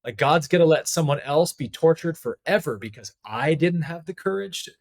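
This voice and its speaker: A man speaking as a podcast guest, telling a personal story in an animated, candid, conversational way with frequent casual fillers. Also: on the high side, normal speed, gravelly. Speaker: podcast guest, spiritual teacher.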